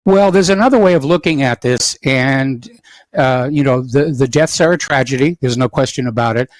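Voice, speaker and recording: A man's voice: mid-range voice, moderate pace, no room sound, low-quality recording. Matter-of-fact male talk radio host.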